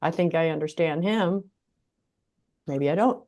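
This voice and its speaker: A woman's voice: low-pitched, unhurried, a little mellow. A woman hosting a casual interview, chatty and affirming as she responds to her guest. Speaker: podcast host.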